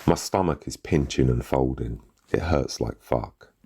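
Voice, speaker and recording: A man reads a gritty short story in the first person, his voice sitting very low in the chest. The tone is husky and breathy, and the telling stays bitter and blunt in street slang. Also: unhurried, dark tone. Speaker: narrator.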